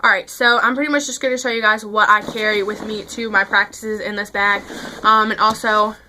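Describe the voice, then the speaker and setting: A woman's voice: mid-range voice, fairly even intonation, a little fast, bright, forceful tone, slight background noise. A teenage girl chatting casually to camera as a vlogger, rambling with lots of fillers and a little out of breath. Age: teens.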